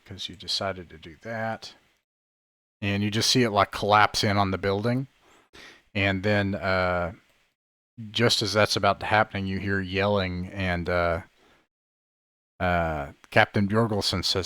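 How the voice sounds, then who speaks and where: A man narrating a tabletop game as game master, describing scenes in a halting way full of fillers over an online call. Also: low voice, fairly even intonation, bright, forceful tone, no echo, studio quality. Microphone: online call microphone.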